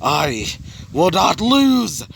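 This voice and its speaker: A man voicing a stubborn, furious male warrior, yelling his lines slowly and drawn out over a noisy recording. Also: high voice, sing-song, creaky, voice pushed up, heavily acted. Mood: defiant.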